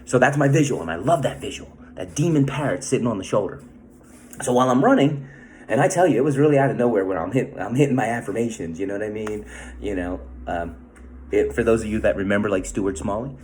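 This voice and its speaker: Male vlogger, deep-ish, loose and rambling, swears freely. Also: a little fast, darkish tone, slight background noise. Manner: rambling, profane, constant tag questions. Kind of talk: casual monologue.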